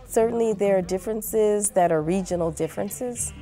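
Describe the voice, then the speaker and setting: A woman from Southwest Louisiana, talking in a measured, thoughtful way in an interview. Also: mid-range voice, dark tone, faint music behind. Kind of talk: reflective interview talk.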